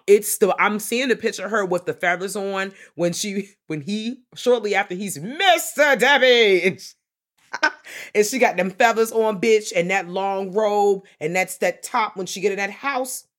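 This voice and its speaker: A woman co-hosting a podcast in a loud, profane casual chat, acting out quotes from films. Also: mid-range voice, lively intonation, measured pace. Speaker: podcast co-host.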